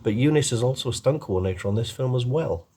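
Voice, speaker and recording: A man's voice: mid-range voice, lively intonation, fast talker, dark tone, husky. A man giving a rambling, casual film review, full of ums and restarts.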